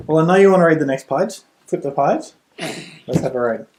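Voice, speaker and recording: A middle-aged man, a reading tutor and parent, explaining at home in a relaxed way with a few restarts. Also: fairly high pitch, a little fast, noisy background. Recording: roomy echo.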